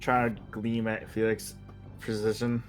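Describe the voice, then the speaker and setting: Male player, lowish voice, casual and halting. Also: monotone, faint music behind. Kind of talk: casual chat during a tabletop game.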